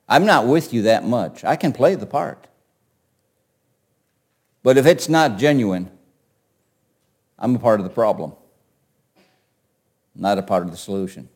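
A man preaching a sermon, asking his listeners rhetorical questions and swinging from quiet asides to forceful declarations. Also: mid-range voice. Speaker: pastor.

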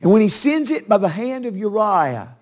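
A man's voice: sits high, very animated, normal speed, a little mellow. A man preaching a sermon, retelling a Bible story with emphatic storytelling that stresses key words.

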